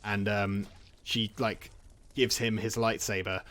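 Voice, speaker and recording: A man's voice: lowish voice, little pitch movement, takes it slowly, fairly bright tone. A man casually retelling film plots from memory while playing a game. He rambles, jokes and laughs often. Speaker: gaming channel host.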